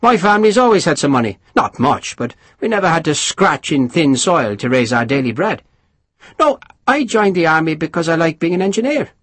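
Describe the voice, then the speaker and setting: A male narrator reads a wry, worldly engineer captain in an audiobook, speaking. He explains with dry patience, and his pitch swings up and down. The voice is husky and close. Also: sing-song, brisk, a bit bright, no room sound. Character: witty, worldly Irish engineer captain, middle-aged. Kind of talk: audiobook character voice.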